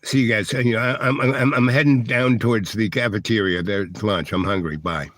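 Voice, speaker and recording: A man's voice: on the low side, steady tone, moderate pace, a bit bright, dry recording. A man vlogging, telling a long rambling story to his viewers with many fillers and restarts, acting out other people's lines. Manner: acts out other people's lines in raised voices. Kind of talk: casual storytelling monologue to viewers.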